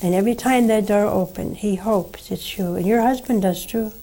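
With a mid-range, dark-toned voice at normal speed, an older nun preaches earnestly on her call-in religious program. She counsels those who phone in and sprinkles in many rhetorical questions.

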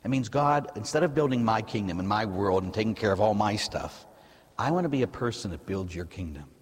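A man, a Catholic priest, giving a conversational sermon in a church, preaching lively and asking his listeners rhetorical questions. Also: on the low side, fairly quick, breathy edge, in a large hall.

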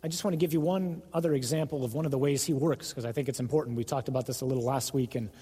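A man's voice: mid-range voice, fairly even intonation, racing, warm tone, husky, big-room sound. A man preaching a sermon, earnest and emphatic, sometimes acting out the devil's voice.

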